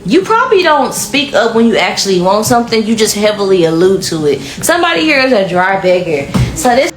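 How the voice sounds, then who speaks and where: A woman's voice: mid-range voice, big pitch swings, a little fast. Chatty woman giving a tarot reading. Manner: chatty, blunt, slangy. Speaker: tarot reader. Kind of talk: casual pick-a-card reading. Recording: echoey room with faint music.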